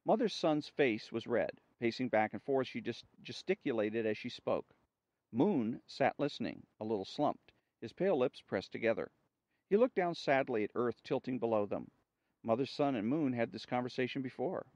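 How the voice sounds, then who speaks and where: A man reading a story aloud in a slow, measured way, with small slips now and then, on a dull dry recording. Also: mid-range voice, expressive, a little mellow, no echo.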